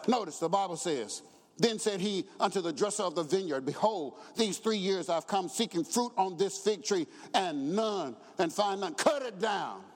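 A man preaching a sermon as a pastor, building from talk to shouted appeals and acting out scripture voices. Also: high voice, normal speed, in a large hall. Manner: rising to shouted preaching, acts out quotes, chuckles.

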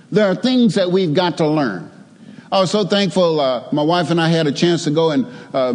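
A man's voice: on the high side, darkish tone, big-room sound. A man preaching a sermon in a church, calling on the congregation to answer him and building to emphatic exhortations. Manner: call-and-response with the congregation, rising to emphatic exhortation. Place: church sanctuary.

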